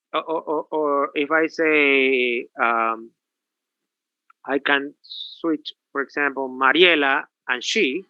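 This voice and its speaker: High-pitched prof explaining grammar, keeps asking "get it?", dull dry sound. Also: male voice, no room sound. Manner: lively, repetitive, rhetorical questions. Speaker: professor. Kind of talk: classroom grammar lecture.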